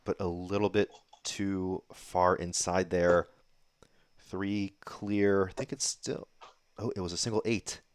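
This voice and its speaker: A man doing live darts commentary, getting excited on big throws. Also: low-pitched, takes it slowly, smooth. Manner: excitable, rises sharply on big moments.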